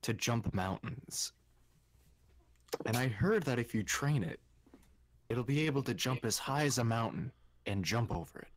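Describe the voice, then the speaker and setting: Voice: medium pitch, lively intonation, a little slow, long pauses, noisy background. A player in a tabletop game, joking around and making goofy in-character asides. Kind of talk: playing a tabletop game live.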